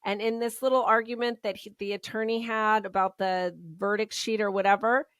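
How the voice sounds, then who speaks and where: A woman's voice: mid-range voice, level tone, a little fast, a bit bright, clear, resonant tone, no echo. Woman, casual true-crime chat, hedges often, dry voice. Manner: hedging, searches for words. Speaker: podcast co-host.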